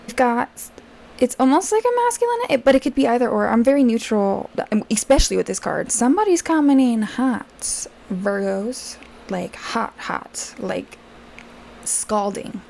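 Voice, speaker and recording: A woman's voice: fairly high pitch, very animated, moderate pace, creaky, dark tone. A woman doing a casual tarot reading, chatting directly to her viewers with plenty of fillers. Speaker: tarot reader.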